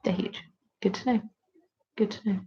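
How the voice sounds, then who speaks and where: A woman's voice: medium pitch, steady tone, normal speed, gravelly, warm tone. Young British woman hosting a chatty live stream, self-mocking, slightly dull lo-fi sound. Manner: chatty and self-deprecating, reacting to viewer comments. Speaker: host of a live craft stream. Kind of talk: casual live-stream chat.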